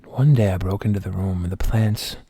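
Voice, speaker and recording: A man streaming who tells a comic story with mock-dramatic, slow deadpan delivery. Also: low voice, breathy edge, no room sound.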